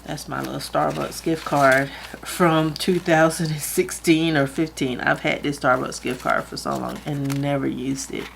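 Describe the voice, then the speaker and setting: A woman with a low, gravelly voice speaks at a measured pace and fairly even intonation, over slight background noise. As a budgeting vlogger, she chats to camera about her finances, reasoning through numbers aloud, laughing easily and at times nearly in tears.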